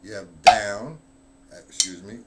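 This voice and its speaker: A man's voice: on the low side, a little slow, very noisy. A man giving a live drum lesson, talking bluntly and offhand while he counts out stickings aloud. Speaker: drum teacher.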